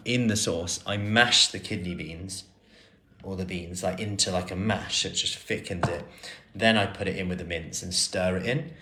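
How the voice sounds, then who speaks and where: A man in his thirties whose voice sits low, he's a personal trainer casually responding to questions from his live stream audience. He restarts often and fills his speech with fillers.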